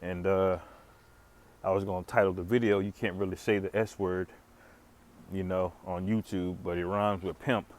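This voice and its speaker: A man's voice: low voice, steady tone, moderate pace. A man hosting a casual religious commentary video, rambling with many fillers and restarts and chuckling now and then. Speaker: commentary channel host.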